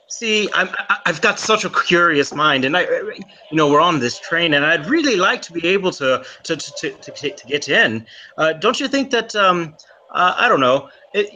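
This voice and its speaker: A man voicing a chatty, nosy Irish fellow in a tabletop game, with rambling, hesitant flattery. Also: mid-range voice, voice pushed down, natural voice. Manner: rambling, hesitant, fawning politeness. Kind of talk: tabletop role-play in character.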